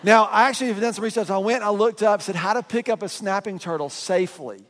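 High-voiced storytelling pastor in a reverberant hall. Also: male voice, fast. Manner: animated storyteller, acting out voices. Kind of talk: sermon.

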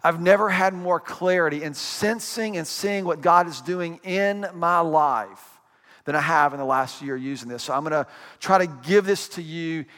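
A man preaching a sermon in a conversational way, with asides and quick acted quotes. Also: fairly high pitch, fairly bright tone, big-room sound. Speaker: pastor.

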